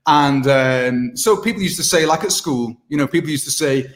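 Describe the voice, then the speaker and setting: A man's voice: on the high side, fairly quick. A man chatting on a video call, an impressionist who keeps slipping into voices. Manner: chatty, animated, slips into impressions. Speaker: impressionist guest.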